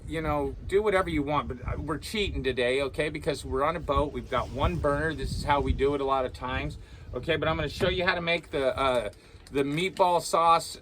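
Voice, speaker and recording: Male cooking vlog host, slightly high voice, loose and rambling, keeps checking in with "okay?". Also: fairly bright tone, slight background noise. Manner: rambling, tags sentences with "okay?". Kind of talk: casual cooking demonstration. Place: aboard a small sailboat.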